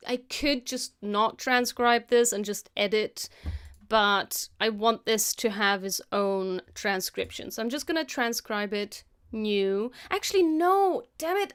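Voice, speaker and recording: A woman's voice: fairly high pitch, clear, resonant tone. A woman from Germany with a German accent mixed with British English, thinking aloud in a casual live stream as she edits, hesitant and full of self-corrections. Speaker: motion designer and video editor live-streaming her work. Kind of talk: casual live-stream narration while editing.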